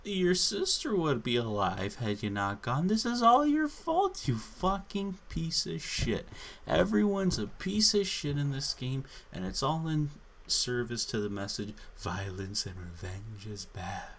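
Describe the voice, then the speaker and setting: A man's voice: a little high, very animated, a little slow, gravelly, fairly bright tone. A man on a drunken solo rant, angry, profane and exasperated. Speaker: channel host.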